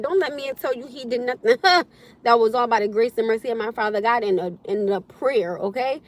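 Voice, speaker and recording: A woman's voice: a little high, a little fast. A woman hosting a casual livestream from her phone, reading scripture and thanking viewers, exclaiming and laughing often. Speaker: livestream host.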